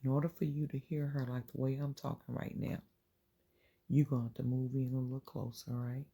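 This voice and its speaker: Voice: mid-range voice, little pitch movement, brisk, vocal fry, warm tone, breathy edge. A channel host giving an earnest, informal inspirational faith talk, repeating phrases and dropping into whispers to make a point.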